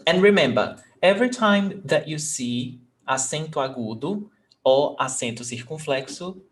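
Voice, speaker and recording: A man's voice: on the high side, animated, normal speed. A man, teaching an online language lesson patiently, repeating words and checking in with "ok?". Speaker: Portuguese teacher.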